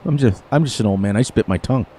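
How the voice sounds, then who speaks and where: A middle-aged man chats with his live-stream audience while playing a farming game, rambling and chuckling. He speaks quickly in a lowish, warm voice, and there's a slight hiss or hum in the audio.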